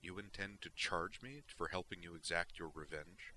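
A man's voice: sits low, moderate pace, bright, forceful tone, a little hiss or hum. A man reading the lines of a haughty, cold female Vulcan officer. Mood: cool. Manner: haughty, clipped.

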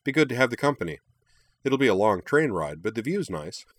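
A man voicing an easygoing young male adventurer in a storybook reading, relaxed and breezy. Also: mid-range voice, a little fast, no room sound, voice pushed up.

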